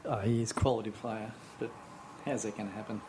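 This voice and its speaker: A man's voice: fairly low pitch, steady tone, a little mellow, a little hiss or hum, low-quality recording. A man, sharing football opinions in a casual podcast chat and often ending with tag questions. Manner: quick, musing football opinions, tags questions. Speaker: podcast co-host.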